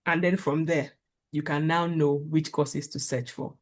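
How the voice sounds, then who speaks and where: A woman, speaking on a video call and giving earnest, practical advice with many pauses and fillers. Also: sits low, fairly even intonation. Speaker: guest speaker. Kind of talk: casual talk on a video call.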